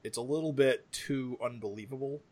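A man's voice: medium pitch, normal speed, darkish tone. A man co-hosting a podcast in casual chat, giving reasoned opinions with wry humor. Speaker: podcast co-host.

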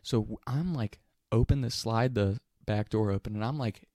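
A man's voice: lowish voice, normal speed, no room sound. Young guy telling a crazy story, laughing and cussing a lot, dry close sound. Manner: animated, laughing, profane. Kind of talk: casual anecdote.

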